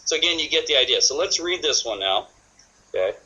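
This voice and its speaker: A man's voice: a little high, expressive, fairly quick, sharp tone, lo-fi sound. A man giving a sales training talk, energetically acting out customers' thoughts in quoted voices.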